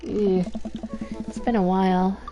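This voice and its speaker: A woman's voice: medium pitch, level tone, slow pace, lo-fi sound, background noise. A young woman reading a visual novel aloud, with chatty asides and giggles, over game music. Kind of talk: narrating a game playthrough.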